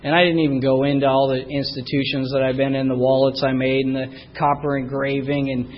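A middle-aged man giving personal testimony at a recovery meeting, halting and repeating himself, and getting louder when he stresses a point. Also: mid-range voice, flat delivery, dull audio. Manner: halting, repeats words, rises in volume when emphatic.

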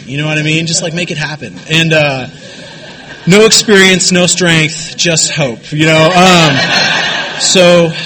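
A man's voice: fairly high pitch, sharp tone. A man telling his recovery story to a group in a rambling, self-mocking way, with many fillers and mimicked voices. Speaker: recovery meeting speaker.

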